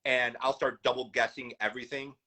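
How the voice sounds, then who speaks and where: Upbeat man from Chicago, bright tone. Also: mid-range voice, flat delivery, fairly quick, low-quality recording. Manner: eager and upbeat, many "you know" fillers. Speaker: guest, food business owner. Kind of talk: casual chat.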